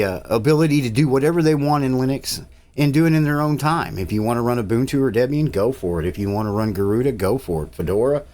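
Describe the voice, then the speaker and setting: A man's voice: medium pitch, darkish tone. A man, narrating a casual tech tutorial in an easygoing, rambling way with frequent uhs. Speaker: tech channel host.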